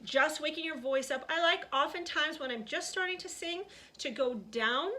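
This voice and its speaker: A woman voice teacher leading a singing lesson, explaining and then singing warm-up syllables. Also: high-pitched, moderate pace. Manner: talks, then sings vocal warm-up syllables over piano. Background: piano.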